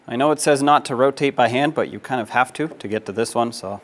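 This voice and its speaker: Over a noisy background, a medium-pitched man rattles quickly through an auto repair tutorial, giving practical step-by-step instructions sprinkled with casual fillers.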